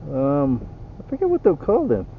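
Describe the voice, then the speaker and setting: A man's voice: on the high side, huge pitch swings, moderate pace, phone-quality sound, heavy background noise. An older man rambling in a folksy way, chatting casually to his viewers on a road-trip vlog. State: out of breath. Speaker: van-life vlogger. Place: outdoors in the mountains.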